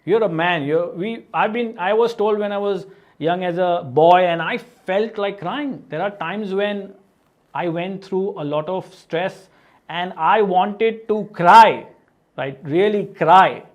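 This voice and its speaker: A man's voice: sits high, takes it slowly, muffled recording. A man hosting a self-help video, talking earnestly to the viewer and asking questions, with lots of "right?" and "you know". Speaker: motivational video host. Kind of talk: direct-to-camera self-help talk.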